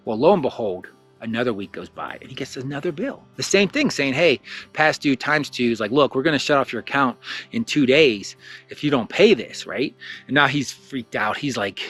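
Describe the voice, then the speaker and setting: A man telling a casual teaching story, acting out the characters' lines with lots of fillers and a slightly husky voice. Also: mid-range voice, brisk, faint music behind. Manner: animated, acts out quoted lines, frequent fillers. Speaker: spiritual teacher.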